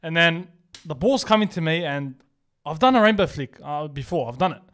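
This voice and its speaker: A man's voice: a little high, lively intonation, normal speed, fairly bright tone. A young adult man co-hosting a podcast, telling stories in a laid-back way with frequent swearing. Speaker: podcast co-host. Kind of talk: casual chat.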